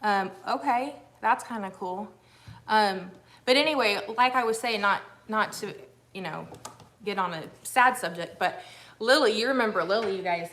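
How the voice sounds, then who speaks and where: A woman co-hosts a casual livestream from home, talking into a phone. She rambles and restarts her sentences in a loose, chatty way. Her voice sits at an ordinary middle pitch. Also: moderate pace, a bit bright. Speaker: livestream co-host. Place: at home in a house.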